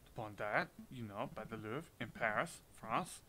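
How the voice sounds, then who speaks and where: A man voicing a folksy, helpful male fisherman in a game, easygoing and bright toned. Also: mid-range voice, animated, normal speed, slight background noise, voice pushed down, poor audio.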